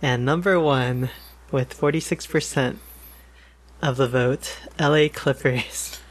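A man co-hosting a podcast in casual chat, relaxed and full of fillers, steering the topics. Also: mid-range voice, slow pace. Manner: laid-back, filler-heavy, leads the topics. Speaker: podcast co-host.

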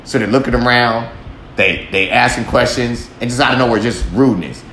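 A man's voice: mid-range voice, fairly quick, sharp tone. A man hosting a podcast who talks bluntly and swears constantly in a rambling monologue. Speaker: podcast host. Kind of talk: profane monologue. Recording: echoey room, faint background hum.

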